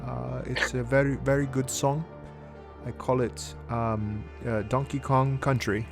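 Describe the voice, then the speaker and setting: A man voicing a mock British young man who is eager and awkward, with a put-on British accent and halting, filler-heavy speech. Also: mid-range voice, level tone, vocal fry, over music. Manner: halting, full of um and uh.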